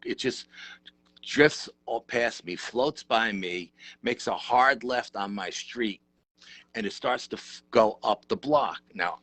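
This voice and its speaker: A middle-aged man, telling a story as an interview guest in a lively, casual, rough-edged way. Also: fairly low pitch, dry recording. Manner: animated, conversational, rough-edged. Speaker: interview guest, paranormal researcher.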